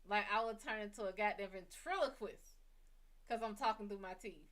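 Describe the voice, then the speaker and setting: Bright-voiced woman cursing through a story. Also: medium pitch, moderate pace. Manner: blunt, heavy cursing, lively retelling. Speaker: psychic reader and show host. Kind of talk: casual storytelling monologue.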